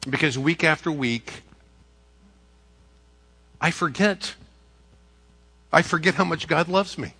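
A male pastor preaching a sermon. His voice is somewhat high and very bright as he speaks in an earnest, personal way. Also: takes it slowly, pauses often, husky.

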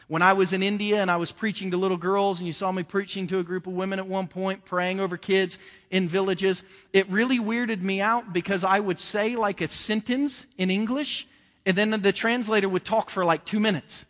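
A man preaching a sermon with a fairly high voice, talking to the congregation like a conversation and pushing up into emotional emphasis. His voice rings out with a long reverb trailing behind it. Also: fairly even intonation, moderate pace, a bit bright.

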